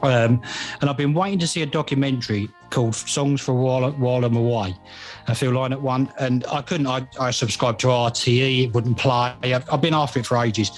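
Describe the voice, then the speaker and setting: Relaxed middle-aged man, faint music. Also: mid-range voice, brisk, low-quality recording. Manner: relaxed, agreeable, hesitant with fillers. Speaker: podcast co-host. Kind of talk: casual chat.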